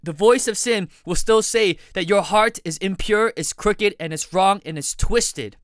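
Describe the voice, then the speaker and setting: A man's voice: high voice, measured pace, dry recording. A man preaching a sermon, earnest and direct, putting questions to his listeners.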